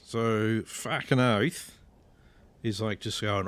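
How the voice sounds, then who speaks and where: Gravelly Australian man narrating gameplay. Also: fairly low pitch, expressive, unhurried, a little hiss or hum. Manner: chatty, swears casually, talks to his units. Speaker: gameplay streamer. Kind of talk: casual gameplay commentary.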